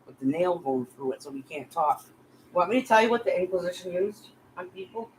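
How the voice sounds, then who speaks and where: A woman's voice: fairly low pitch, lively intonation, fairly quick, slight background noise, low-quality recording. Profane, heated middle-aged woman vlogger. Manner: profane, heated, addresses bullies directly. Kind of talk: angry direct-to-camera rant.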